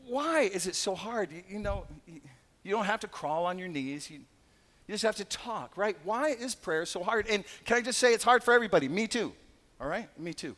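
High-voiced pastor preaching in a hall. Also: male voice, animated, moderate pace, fairly bright tone. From Canada. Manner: conversational, joking, acts out quoted voices. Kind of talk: sermon. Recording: long hall reverb.

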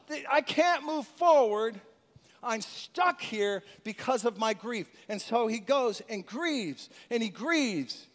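A man preaching a lively sermon, swinging from loud shouts to hushed, intimate asides. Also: high-pitched. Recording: long hall reverb.

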